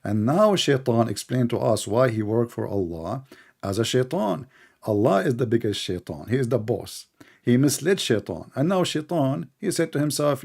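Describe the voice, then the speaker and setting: Gravelly, combative male debate host. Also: mid-range voice, lively intonation, darkish tone. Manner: combative, mocking, keeps interrupting; slow, deliberate speech with non-native grammar. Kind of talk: live online debate.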